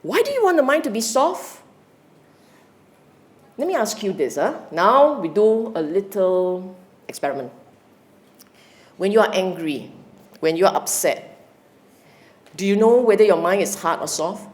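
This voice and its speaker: Lively woman teaching meditation. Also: medium pitch, unhurried, long pauses. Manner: lively, questioning the audience, acting out inner voices. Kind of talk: Dharma talk to a class.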